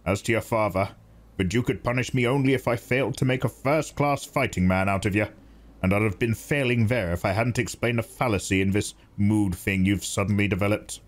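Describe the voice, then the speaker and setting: A man's voice: lowish voice, a little fast, lightly acted. A man voicing a stern veteran male weapons master who lectures bluntly. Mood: earnest.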